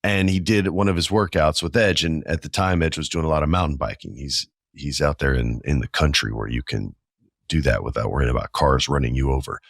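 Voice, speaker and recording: A man in his forties with a low, deep voice, talking through a solo podcast episode. He tells stories with casual enthusiasm and slangy asides. The sound is dry and close, with no room around it. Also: brisk, vocal fry, no room sound. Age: 40s. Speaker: podcast host.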